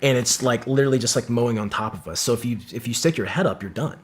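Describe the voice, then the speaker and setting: A man's voice: mid-range voice, quick pace, breathy edge. A man telling an intense combat story as a podcast guest, swearing often and acting out what his teammates said. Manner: intense, profane, storytelling with quoted dialogue.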